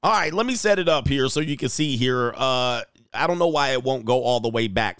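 A man's voice: mid-range voice, animated, brisk, hardly any pauses, a bit bright, clear, resonant tone, dry recording, clean studio sound. A man hosting a casual reaction commentary, joking and laughing as he talks in slangy street style. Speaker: commentary video host. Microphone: headphones.

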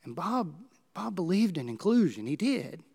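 A man preaches from the pulpit, his voice sitting a little high for a man. He tells stories with sudden swings in pitch and loudness, rising up and then dropping low. The delivery is earnest sermon storytelling. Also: big pitch swings, normal speed, vocal fry, breathy edge. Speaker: pastor.

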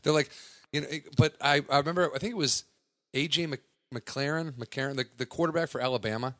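A man's voice: fairly high pitch, brisk, fairly bright tone, no echo, studio quality. A man co-hosting a podcast, joking and swearing freely in casual banter. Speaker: podcast co-host.

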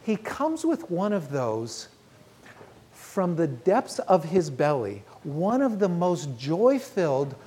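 A woman preaching a sermon, telling a story in an earnest, measured way and slowing down on key phrases. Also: lowish voice, very animated, warm tone, husky.

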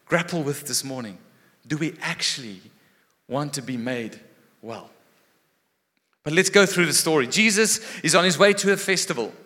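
A man preaching in a large hall with a long, ringing echo. His voice is bright and forceful and sits a little high for a man. He swings from raised, animated lines down to hushed, quiet ones. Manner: animated, dramatic shifts between loud and hushed. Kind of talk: sermon. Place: church hall.

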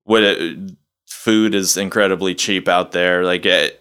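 Deep-voiced casual man. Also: unhurried, clean tone. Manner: relaxed, profane, rambling. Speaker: podcast co-host. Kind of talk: casual chat.

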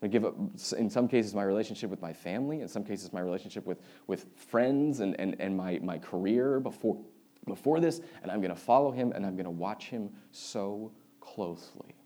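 Mellow low-voiced man preaching casually. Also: a little fast. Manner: conversational storytelling preaching with wry humor. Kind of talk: sermon.

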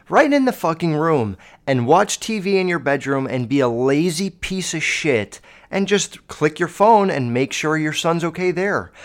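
A man talks through a solo podcast episode in a loose, casual way. He swears freely, gets animated, and slips into quick acted-out voices as he tells the story. His voice sits at an ordinary middle pitch. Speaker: podcast host.

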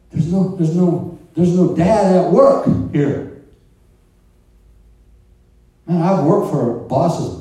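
Animated preacher in an echoey hall. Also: male voice, medium pitch. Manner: animated, conversational preaching with asides to the congregation. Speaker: pastor. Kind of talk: sermon. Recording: roomy echo, distant mic.

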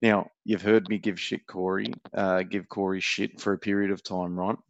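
A man's voice: low voice, level tone, normal speed, creaky, highs cut off. A man with an Australian accent co-hosting a podcast, telling a teasing, profane story in casual banter. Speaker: podcast co-host.

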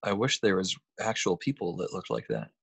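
Husky low-voiced laid-back man. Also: sing-song, fairly quick, no echo. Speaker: podcast guest, musician. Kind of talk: casual chat.

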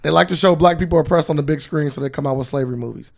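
Podcast host guy, kinda gravelly, keeps grilling the other dude with questions. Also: on the high side, very fast. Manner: argumentative, presses with repeated questions. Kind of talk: casual podcast debate.

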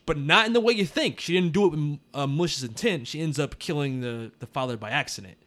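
Bright-voiced man chatting casually. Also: a little high, animated, fast talker. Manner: laughs often, loose and profane. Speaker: podcast host. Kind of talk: casual movie review chat.

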